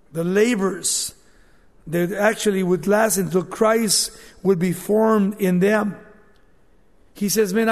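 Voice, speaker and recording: Impassioned male preacher, high pitch, deliberate pace, long church reverb. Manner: impassioned, voicing scripture as direct speech. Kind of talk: sermon.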